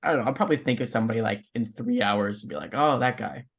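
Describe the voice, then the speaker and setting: A man co-hosting a casual podcast, relaxed and joking as he weighs in on actor rankings. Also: medium pitch, fast. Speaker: podcast co-host. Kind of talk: casual chat.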